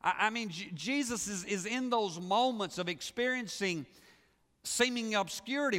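Male pastor, fairly high voice, talky sermon full of restarts and questions. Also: normal speed, a bit bright, long reverb tail. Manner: conversational preaching with frequent restarts and rhetorical questions.

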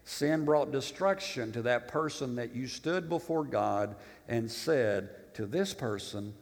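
A man's voice: mid-range voice, expressive, takes it slowly. A male pastor preaching a conversational sermon, restarting phrases and asking the congregation rhetorical questions. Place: church. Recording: long reverb of a church hall.

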